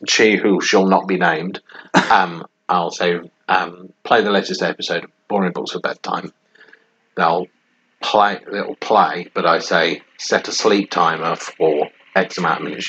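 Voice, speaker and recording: A man's voice: sits low, a bit bright, husky. A man co-hosting a podcast in casual, rambling chat, often laughing as he talks. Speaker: podcast co-host. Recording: dull lo-fi audio with faint noise.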